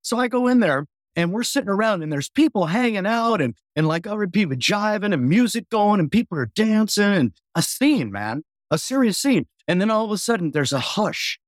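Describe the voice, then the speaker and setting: A man in his sixties tells a story with animated energy, acting out other people's voices and humming bass riffs. His voice sits a little high for a man. The studio sound is close and dry. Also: brisk, few pauses, dry recording. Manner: lively storyteller, acts out voices and hums bass lines. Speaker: podcast guest musician.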